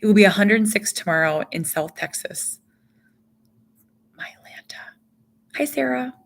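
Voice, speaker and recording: A middle-aged woman chatting on a live stream in a casual, rambling way, answering viewer comments. Her voice sits at an ordinary middle pitch for a woman, relaxed and conversational. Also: fairly quick, vocal fry. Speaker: vlogger hosting a live stream.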